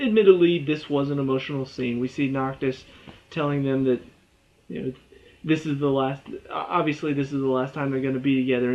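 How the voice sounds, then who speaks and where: A man's voice: medium pitch, a little mellow. A man giving a casual video game review, rambling and correcting himself as he goes, chuckling often. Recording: dull lo-fi sound.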